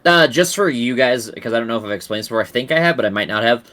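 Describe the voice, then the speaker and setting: A man running a tabletop game and explaining the world to his players. He talks in loose, rambling asides, piles up "like" and "um", and swears offhandedly. His voice sits at an ordinary pitch for a man. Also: animated, rapid-fire, sharp tone. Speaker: game master. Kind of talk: casual tabletop game chat.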